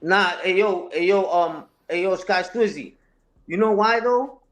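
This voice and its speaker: His voice sits high and moves at a measured pace. Answering a live chat as an interview guest, this online content creator talks heatedly without a script, swearing, confronting, and repeating phrases to drive points home.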